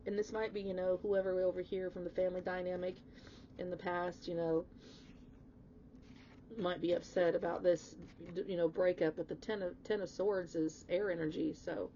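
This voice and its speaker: A woman reads tarot in a loose, chatty way, warm and mellow in tone. She presses her points emphatically and curses now and then without a second thought. The recording sounds a little dull and muffled, with a faint hiss underneath. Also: fairly low pitch, level tone, moderate pace. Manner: emphatic, chatty, swings into emotional outbursts; blunt, swears casually. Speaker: tarot reader. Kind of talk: casual spoken tarot reading.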